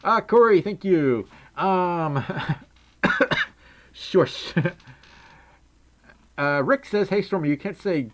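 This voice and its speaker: This young adult livestreamer reads chat aloud in a casual stream, putting on a Southern drawl. The medium-pitched voice is expressive and slow with long pauses, and the talk rambles along with giggles and frequent laughter.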